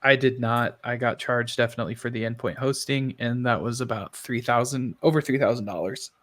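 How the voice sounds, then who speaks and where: The speaker is a tech podcast host with a mid-range voice and a slightly fast delivery. Casual and chatty, he downplays himself and quotes people in spirited voices.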